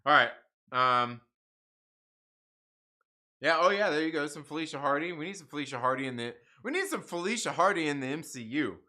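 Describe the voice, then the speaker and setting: A man's voice: fairly high pitch, lively intonation, brisk, long pauses, bright, forceful tone. A man hosting a livestream, rambling in casual profane chat and laughing often. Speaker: livestream host reading comics.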